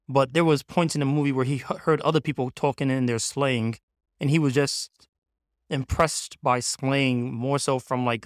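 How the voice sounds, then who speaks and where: A man in a casual film discussion, explaining his view at length in a measured, analytical way. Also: medium pitch, dry recording, clean studio sound.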